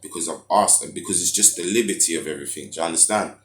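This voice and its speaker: A man's voice: deep voice, rapid-fire, reverberant. A young man telling a frustrated story in a casual monologue, full of street slang and fillers. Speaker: vlogger.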